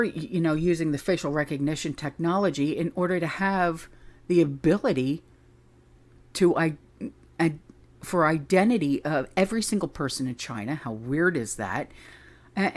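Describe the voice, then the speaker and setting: A middle-aged woman runs her own channel, delivering a casual, indignant rant that rambles and wanders onto tangents. Her voice is lowish and a little mellow.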